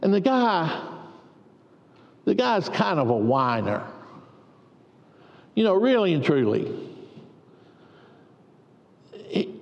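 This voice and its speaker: A man preaching a sermon, telling stories in a folksy way with long pauses. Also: sits high, big pitch swings, vocal fry. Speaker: pastor. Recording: dull echoey hall recording.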